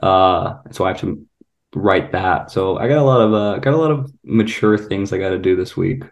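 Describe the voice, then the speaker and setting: A man with a lowish voice describes his busy week in a dry, self-deprecating way, sliding in small jokes. He sounds like he is talking into a video call. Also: expressive, normal speed. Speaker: comedian guest. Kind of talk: casual chat.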